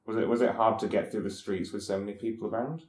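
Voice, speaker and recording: A man's voice: fairly low pitch, fairly even intonation, fast, a little mellow. A man interviewing, asking polite questions in a hesitant way. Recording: roomy echo.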